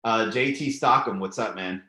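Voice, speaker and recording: A man's voice: lowish voice, moderate pace, pushed and bright, reverberant. A man hosting a live comedy stream, chatting loosely and profanely as he reads and riffs on viewer comments. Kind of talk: casual live-stream chat reading comments.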